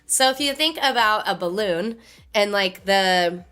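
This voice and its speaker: Female streamer, hoarse with laryngitis, bright edge, blunt and chatty, studio mic. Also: mid-range voice, lively intonation, measured pace, faint music behind. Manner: blunt, chatty, explains with gestures. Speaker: musician streamer. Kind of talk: casual live-stream chat. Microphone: studio microphone.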